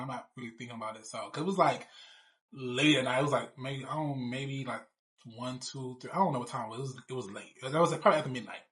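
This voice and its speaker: A man's voice: medium pitch, animated, quick pace, a bit bright. A man in his thirties telling a personal story in a casual, blunt, rambling way with plenty of swearing. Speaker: show cast member.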